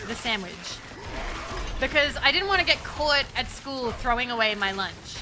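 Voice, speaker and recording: Woman streamer, high and bright, giggly rambling storyteller, soft music underneath. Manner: rambling, giggly anecdote with frequent restarts. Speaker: VTuber streamer. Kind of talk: casual storytelling.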